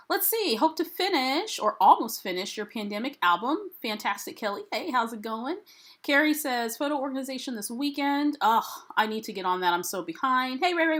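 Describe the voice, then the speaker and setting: An American woman with a somewhat high voice hosts a relaxed live stream. She chats freely and greets her viewers one by one with an upbeat manner as she reads out their comments. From United States. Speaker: livestream host. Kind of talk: casual live-stream chat.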